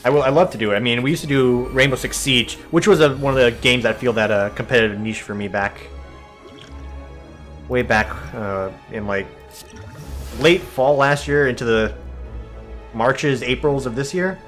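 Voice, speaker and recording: A man's voice: medium pitch, normal speed, pauses often, faint music behind. Chatty young man rambling over gameplay. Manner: chatty, animated, jokey, acts out quoted friends. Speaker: streamer and let's-play host.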